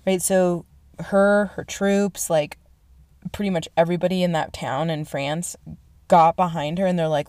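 A young woman, her voice sitting a little low, tells a history story casually and excitedly. She swears freely and fills her talk with "like" and "right?". The sound is dry and close. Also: a little slow, no room sound. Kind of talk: casual profane history retelling.

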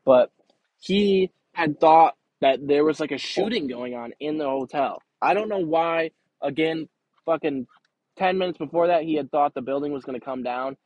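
A man's voice: on the high side, normal speed, darkish tone, no room sound, dull audio. A young man hosting a podcast, telling a long rambling story in casual, profane talk, often with laughter. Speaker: podcast host.

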